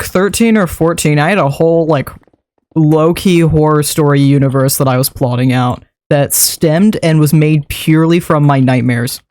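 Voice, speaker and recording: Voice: mid-range voice, steady tone, normal speed, a little mellow, dry recording. A young adult streamer chatting casually while building in a game, rambling from one story to the next with frequent laughs and the odd swear word.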